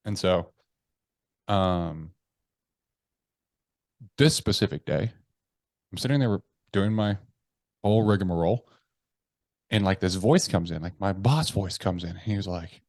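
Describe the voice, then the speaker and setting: A low-pitched man tells candid personal stories with plenty of swearing, jumping into the voices in his head. He turns hushed and subdued when the talk gets confessional. The sound is dry and close. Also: a little slow, long pauses, no echo. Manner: animated, profane, acts out his inner voices. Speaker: podcast guest. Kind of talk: candid storytelling in conversation.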